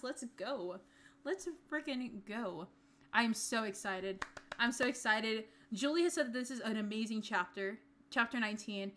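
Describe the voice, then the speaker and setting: A woman streamer chatting casually and excitedly with her chat, speaking into a desk mic set back from her mouth. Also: a little high. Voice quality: bubbly, chatty, talks to chat. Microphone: desk mic, not close to mouth.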